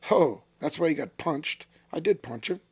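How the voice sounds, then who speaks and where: A man in his sixties, a former racing driver as interview guest, telling blunt, profane stories that flare into shouting. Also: a little high, animated, moderate pace, husky. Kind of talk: storytelling in a casual interview.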